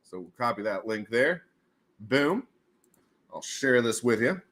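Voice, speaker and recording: A man's voice: medium pitch, sing-song, measured pace, fairly bright tone. A man hosting a casual livestream, rambling and joking and laughing often between his remarks. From United States. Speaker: livestream host.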